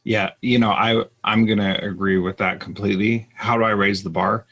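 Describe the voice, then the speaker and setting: A man with a husky, low voice speaks in a live Q&A. He talks earnestly and with emphasis, and he often restarts mid-sentence. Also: level tone, moderate pace, fairly bright tone. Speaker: podcast host. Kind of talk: live Q&A conversation.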